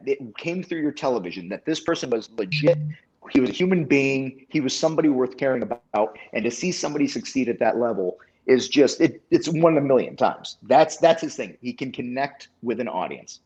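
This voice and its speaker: A young man telling an animated story on a casual podcast, acting out the quotes of the people in it. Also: mid-range voice, moderate pace, dull audio. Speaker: guest, wrestling announcer.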